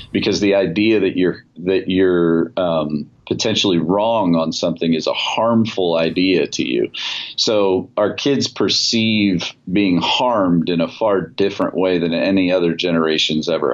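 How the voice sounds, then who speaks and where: A man who works as a pastor, talking in a casual chat in a measured, reflective way. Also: low voice, muffled recording.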